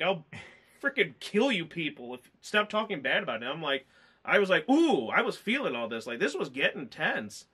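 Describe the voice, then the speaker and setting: A man co-hosting a casual movie review, rambling and excited, often laughing. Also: medium pitch.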